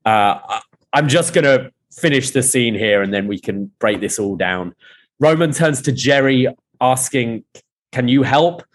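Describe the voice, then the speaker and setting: Male podcast host, mid-pitched, narrates episode recaps and punches up the quoted lines. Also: expressive, a little slow. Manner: retells scenes, reading out dialogue with rising emphasis.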